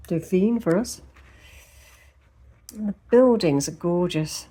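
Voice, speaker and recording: A woman's voice: lowish voice, slow pace, mellow. Chatty woman vlogger rambling to camera. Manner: chatty and rambling, with asides to the viewer. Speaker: lifestyle vlogger. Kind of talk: casual chat to camera. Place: at home showing a book, later outdoors in a park.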